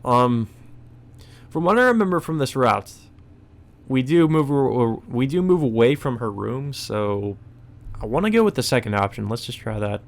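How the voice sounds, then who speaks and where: A man hosting a let's play, reading a visual novel aloud and thinking through choices out loud with hesitant fillers and wry asides. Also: mid-range voice, animated, moderate pace, gravelly. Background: faint game music.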